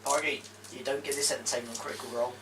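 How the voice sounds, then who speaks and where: A man's voice: mid-range voice, steady tone, very fast. A man playing a tabletop game, joking and teasing the others. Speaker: player. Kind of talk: casual tabletop play. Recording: distant, noisy table recording.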